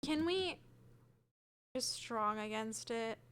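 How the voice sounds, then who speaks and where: A woman's voice: a little high, expressive, slow pace, a bit bright, smooth. A young woman streaming a game from her room, chatting casually, hedging her answers and replying to viewers by name. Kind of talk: casual gameplay chat, reading chat. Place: home room with her cat.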